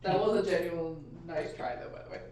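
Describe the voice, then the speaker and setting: A woman playing a tabletop game, loud and laughing often. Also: fairly low pitch, brisk. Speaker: player. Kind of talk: casual tabletop play. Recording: echoey room, distant mic, noisy.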